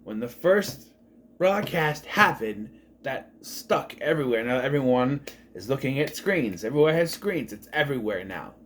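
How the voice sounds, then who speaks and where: Guy doing a rambly excited tv review, voice all over the place pitch-wise, keeps correcting himself. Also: normal speed, slight background noise. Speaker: TV show reviewer. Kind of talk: casual spoken review.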